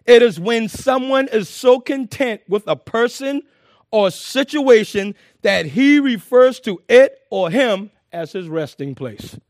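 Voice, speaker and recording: Man preaching, fairly high voice, emphatic and lively, dry close sound. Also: slow pace, no echo. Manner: lively preaching, stresses words, laughs often, repeats phrases. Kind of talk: sermon.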